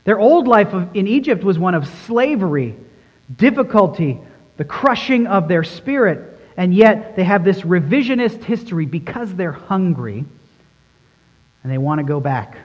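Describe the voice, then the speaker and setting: A man's voice: sits high, very animated, moderate pace, dull audio. A man preaching a sermon as pastor, emphatic and fond of repeating phrases for stress. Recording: long reverb in a large hall.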